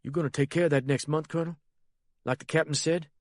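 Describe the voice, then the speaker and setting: A jittery young country boy, eager to please and scared underneath, as a male narrator puts him on. His voice rides up high and strained, with a rustic drawl, in a dry, close reading. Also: fairly even intonation, fast, dry recording, close to an everyday voice. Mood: anxious. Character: simple frightened young male drug courier.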